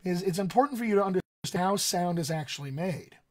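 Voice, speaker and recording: A man streams a casual voice lesson live from his home studio desk, a dialect coach chatting straight to viewers with plenty of ums. His high, darkish voice is animated and fast.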